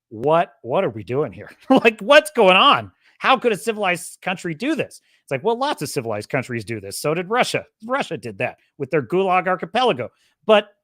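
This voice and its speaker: Animated man ranting on his podcast. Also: fairly high pitch, no room sound, clean studio sound. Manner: animated, emphatic, rambling with restarts. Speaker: podcast host. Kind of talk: casual opinion monologue.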